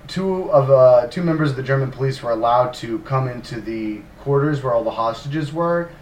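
A man co-hosting a podcast, retelling history in a casual, animated way with fillers, swearing and sarcastic asides. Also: medium pitch, moderate pace. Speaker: podcast co-host narrating history. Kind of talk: casual storytelling. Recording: roomy, distant mic.

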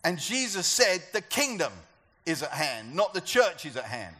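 High-voiced man preaching to a congregation. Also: very animated, moderate pace, sharp tone. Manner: conversational preaching with rhetorical questions to the congregation. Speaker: pastor. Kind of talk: sermon.

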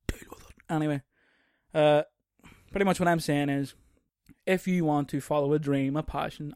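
Brief: male solo podcaster, slightly high voice, profane and rambling, dry close sound. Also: no echo. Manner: profane, rambling, jumps into loud mocking outbursts. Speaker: podcast host. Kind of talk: casual solo podcast rant. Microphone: mic on a stand.

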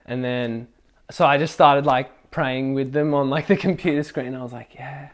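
Young man, casual testimony, chatty and rambling, mid-pitched voice, laughs while talking. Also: steady tone, moderate pace. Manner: rambling, many "like" fillers, laughs while telling. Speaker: speaker sharing a faith testimony. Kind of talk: personal testimony, casual storytelling.

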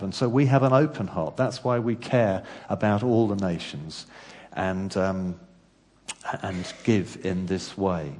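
A man preaching as pastor in a church, calm at first, then building to loud emphatic lists with repeated words. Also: on the low side. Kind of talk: sermon. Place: church hall.

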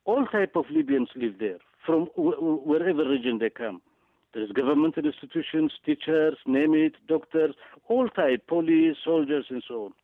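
A man's voice: a little high, moderate pace, no echo. A man giving impassioned political commentary as a guest, emphatic, repeating words, with many hesitant fillers. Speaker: guest analyst. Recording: tinny phone line, dry.

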